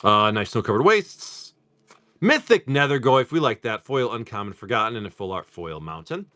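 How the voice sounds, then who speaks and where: A man narrates his card pulls on a live stream in loose, swear-laced chat, breaking off to laugh about movies. His pitch swings lively and expressive. The sound is dry and close to the mic. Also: moderate pace, no room sound. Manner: loose and profane, laughing, quoting comedy films. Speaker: card-opening stream host. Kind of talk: casual live pack-opening chat.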